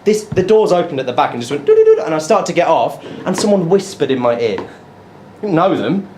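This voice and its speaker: With a fairly high pitch and quick pace, a British stand-up tells excitable stories and interacts with the crowd. The recording comes from a live set, with clear noise in the background.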